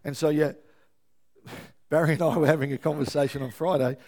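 A man preaching a sermon as pastor, lively and often checking in with his listeners. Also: on the high side, a little fast. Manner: lively, keeps checking in with the congregation.

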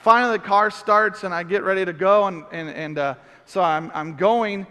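A middle-aged man preaching, telling a story with lively acted-out outbursts. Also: high voice, moderate pace, clean tone, in a large hall. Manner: animated storyteller, acts out shouts. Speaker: pastor. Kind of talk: sermon storytelling.

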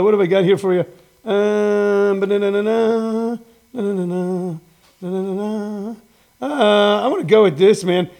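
Gravelly high-voiced man ranting comically. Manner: indignant, rambling, self-mocking. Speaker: show host. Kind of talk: mock-earnest comedy rant.

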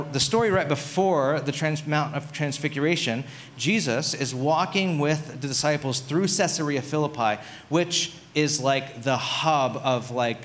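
Higher-voiced man preaching casually. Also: a bit bright. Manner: conversational preaching, frequent "like" and restarts. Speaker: pastor. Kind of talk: sermon.

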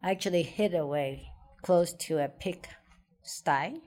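Slow-speaking woman telling a childhood story. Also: fairly low pitch, darkish tone. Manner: hesitant, repeats words, laughs often. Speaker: interviewee. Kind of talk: personal storytelling in conversation.

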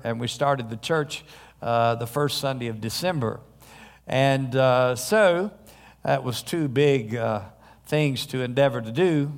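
A male pastor preaching a sermon in a church, telling stories in a conversational way with frequent pauses. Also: mid-range voice. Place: church sanctuary. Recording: long hall reverb.

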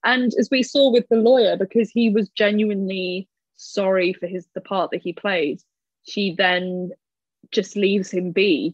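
A woman talking through a film in a relaxed, animated way, laughing as she mimics characters. Her voice sits mid-range, and the recording sounds muffled and dry, close to the mic in a small space. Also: fairly low pitch, dry recording. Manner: animated, laughs and acts out quoted lines. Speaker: podcast co-host discussing a film. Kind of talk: casual chat.

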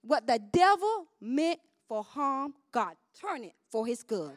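A woman preaching a fervent sermon, swinging from loud shouted declarations down to low murmured asides, calling on the congregation to answer. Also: sing-song, slow, no echo, clean studio sound.

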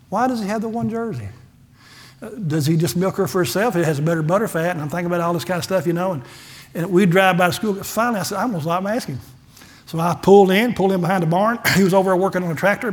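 A higher-pitched middle-aged man with a drawl preaches a testimony sermon from the pulpit. He tells folksy stories in a plain, conversational way and acts out both sides of the conversations. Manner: folksy storytelling, acts out dialogue, gets emotional. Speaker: pastor.

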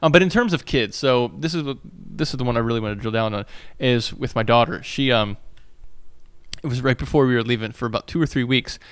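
A man in his thirties co-hosting a podcast speaks a little fast in a smooth, mid-range voice. It's a casual, rambling chat loaded with fillers and restarts, backed by landscaping noise outside.

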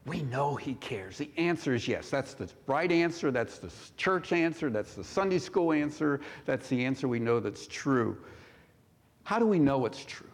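A male pastor preaching a sermon in a church, measured and full of rhetorical questions. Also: mid-range voice, expressive. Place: church sanctuary. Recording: long hall reverb.

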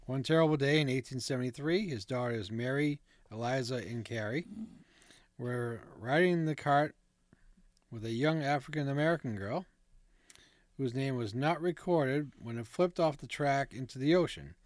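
A man's voice: medium pitch, moderate pace, dry recording, studio quality. A man co-hosting a casual chat, reading out ghost stories from notes in a laid-back way, with fillers and asides. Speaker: podcast co-host.

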